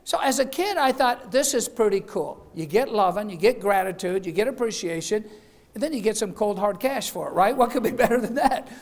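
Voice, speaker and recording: A man's voice: sits high, expressive, fairly quick. Man, middle-aged, graduation speech, chatty, jokey, laughs at own jokes. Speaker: beauty school founder giving graduation speech. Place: event hall.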